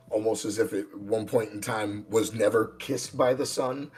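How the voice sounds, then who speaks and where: Husky low-voiced game master. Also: male voice, darkish tone. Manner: loose, hesitant narration full of fillers. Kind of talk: narrating a tabletop game.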